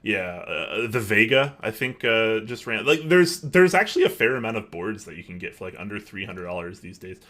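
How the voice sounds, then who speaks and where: A man's voice: on the low side, sing-song, moderate pace, hardly any pauses, a bit bright. A man co-hosting an online show, chatting casually and rambling with many fillers while reading viewer questions. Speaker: podcast co-host.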